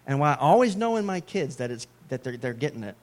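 A man's voice: mid-range voice, sing-song, fast talker, darkish tone. A middle-aged man preaching a sermon as a pastor, in a conversational way with joking asides.

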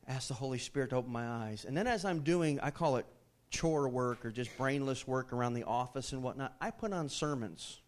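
Speaking fairly quickly in a mid-range voice, a male pastor moves through his sermon from relaxed teaching into impassioned, raised delivery.

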